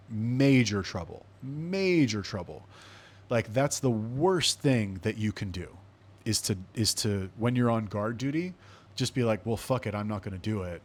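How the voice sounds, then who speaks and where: A man with a somewhat low voice tells a story on his podcast in loose, conversational monologue. He speaks bluntly, swears freely and keeps a casual, offhand tone. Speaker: podcast host.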